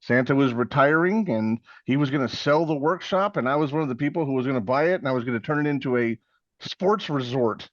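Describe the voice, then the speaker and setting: A Texan man in his forties, relaxed and rambling as he recounts his past, slipping into quick impressions of the people in his stories. His voice sits at a middle pitch. The recording is slightly muffled and very dry, with no room sound. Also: dry recording. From Texas. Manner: rambling, self-mocking, acts out quoted voices. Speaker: podcast guest. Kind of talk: casual interview storytelling.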